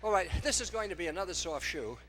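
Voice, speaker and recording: A man's voice: high voice, expressive, fast, sharp tone, a little hiss or hum. An older man doing breathless, self-mocking stage patter between dance numbers in front of a live audience. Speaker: song-and-dance entertainer.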